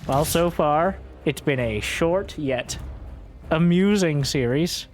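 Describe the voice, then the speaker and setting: A man casting a strategy game match solo, joking along and bursting into high-pitched exclamations. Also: takes it slowly, slight background noise. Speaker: esports caster. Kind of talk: solo play-by-play commentary.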